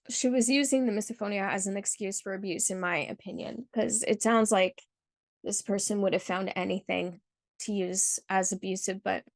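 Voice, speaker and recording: A woman's voice: mid-range voice, creaky, dry recording, clean studio sound. A woman hosting her channel, reading a viewer's submitted story aloud and then reacting with earnest, heartfelt commentary full of casual fillers. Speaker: channel host.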